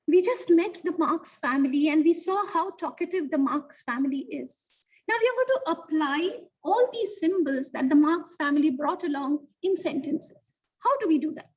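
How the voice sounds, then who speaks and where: High-voiced animated woman teaching children. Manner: animated, sing-song teacher talk with slow stressed words. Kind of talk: online lesson for young children. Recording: distant, dull lo-fi sound.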